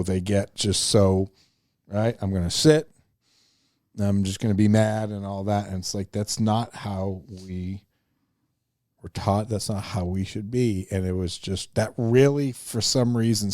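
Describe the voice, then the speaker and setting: A man from the northern United States, co-hosting a faith podcast and telling a story in a lively, chatty way. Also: fairly low pitch, moderate pace, no echo, studio quality. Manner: animated storyteller, acts out quoted voices. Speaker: podcast co-host. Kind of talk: casual storytelling chat.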